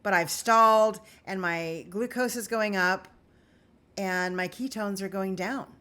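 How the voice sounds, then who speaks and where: A woman's voice: medium pitch, a little slow, sharp tone. A woman vlogging candidly to her viewers in an earnest, confessional way on an emotional day. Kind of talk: candid personal vlog.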